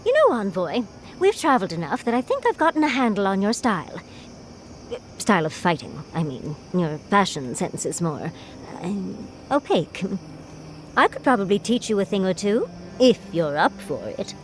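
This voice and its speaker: A woman's voice: mid-range voice, sing-song, normal speed, a little hiss or hum, natural voice. A woman voicing a teasing furred companion. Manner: teasing, calls the listener darling and dear. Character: furred female adventurer companion, wry and teasing. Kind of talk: video game character dialogue.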